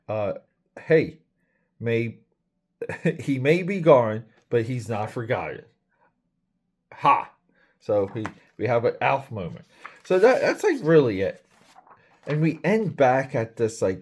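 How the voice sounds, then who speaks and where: A man's voice: lowish voice, a little mellow, breathy edge. A man hosting a casual comic book review, rambling and critical, with many fillers and restarts.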